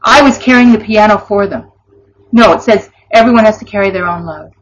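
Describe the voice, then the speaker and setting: A woman teaches faith in a chatty, earnest way, breaking into laughing asides. Her voice sits at a middle pitch, and the recording sounds dull and lo-fi. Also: a little fast. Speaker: Christian teacher. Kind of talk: informal devotional teaching. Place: online or broadcast session.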